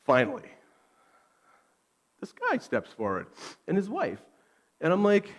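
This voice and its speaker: A man, preaching a sermon and telling a self-deprecating personal story with animated energy. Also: high-pitched, a little slow, long pauses. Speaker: pastor.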